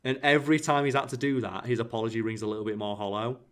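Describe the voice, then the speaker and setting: Male podcast host, middle pitch, talks through everyday examples in a casual chat. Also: fairly even intonation, fast talker, a bit bright. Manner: explains through everyday analogies, acting out quoted exchanges. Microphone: podcast microphone.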